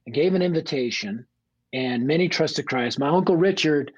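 A man from Denver, a guest evangelist and author, telling his life story in a radio interview with blunt, animated energy. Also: fairly high pitch, normal speed, breathy edge, no echo, highs cut off. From Denver, United States.

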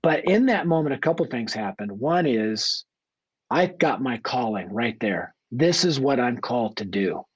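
A man from Denver, a guest evangelist and author, telling his life story in a radio interview with blunt, animated energy. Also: mid-range voice, measured pace, breathy edge, no echo, lo-fi sound. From Denver, United States.

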